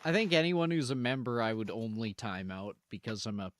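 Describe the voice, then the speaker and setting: A man's voice: medium pitch, brisk. A man streaming and chatting casually with his live audience, rambling, profane and self-mocking.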